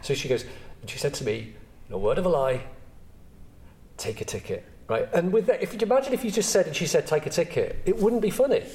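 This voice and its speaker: A man's voice: high voice, big pitch swings, fast talker, warm tone. A man who hosts the show and lectures on comedy, explaining his ideas in a casual, teacherly way. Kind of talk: casual chat. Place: studio.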